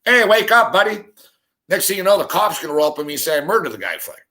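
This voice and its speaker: A man hosting a sports talk show, ranting heatedly in a profane monologue full of rapid rhetorical questions. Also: a little high, very animated, fairly bright tone.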